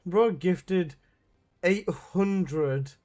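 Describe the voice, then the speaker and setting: Excitable streamer guy, slightly high voice. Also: drawn-out words. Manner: exclamatory, swears often, breaks into laughter. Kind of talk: live stream chat.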